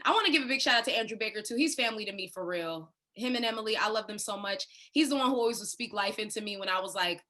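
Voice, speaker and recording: A woman in her thirties telling stories with playful, laughing energy on a video call panel. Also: medium pitch. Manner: animated, laughing, playful storytelling. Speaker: panel speaker. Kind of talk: casual online panel talk.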